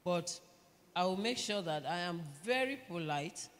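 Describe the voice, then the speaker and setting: A middle-aged woman with a Nigerian accent, gently telling her own story as a church panelist. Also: on the low side, lively intonation, a little slow. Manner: gentle, reflective storytelling with laughter. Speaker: pastor's wife, panelist. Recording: reverberant church hall, faint ambience.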